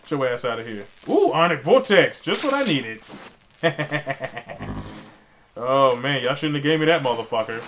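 Guy swearing his way through a let's play, excitable trash talk, noisy home mic. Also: mid-range voice. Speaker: gameplay commentator. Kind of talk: casual let's play commentary.

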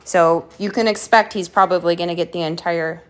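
A woman hosting a home live stream, playfully giving her dogs quick commands and thanking viewers, a bit out of breath. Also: fairly low pitch, steady tone. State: slightly out of breath. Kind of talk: live stream chat while training dogs.

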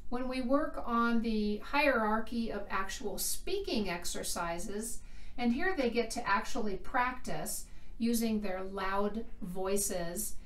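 A woman working as a speech language pathologist, calmly and clearly explaining the steps of a therapy program. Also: on the high side, slow. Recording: roomy, from a distance.

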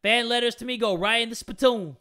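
A man voicing a laid-back cowboy patrolman in a game, with a slow, folksy drawl. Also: very high-pitched, vocal fry, sharp tone, a little hiss or hum, voice pushed up, full character voice.

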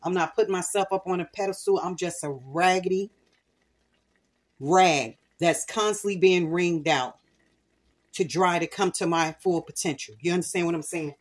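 A woman's voice: lowish voice, normal speed. A middle-aged woman hosting a home cooking video, talking candidly and earnestly about her faith while she cooks. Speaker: cooking channel host. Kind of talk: casual cooking vlog with personal testimony.

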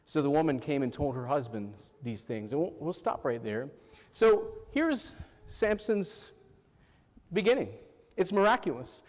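A man's voice: a little high, sing-song, a little slow, a little mellow, long reverb tail. A man preaching a sermon as a pastor, often asking the congregation questions and saying "Amen".

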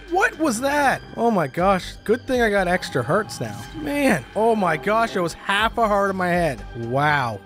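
A man narrating and reacting live as a gaming YouTuber, excitable and quick to cry out in alarm. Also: high-pitched. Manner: excitable, lots of startled exclamations. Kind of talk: let's-play commentary with narration.

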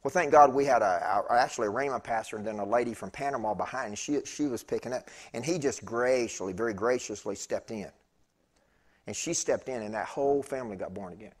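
A husky-voiced preacher with a drawl tells a story from the pulpit. His voice sits at an ordinary male pitch, and he moves between loud, lively bursts and quiet, hushed stretches. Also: fairly quick. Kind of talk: sermon storytelling.

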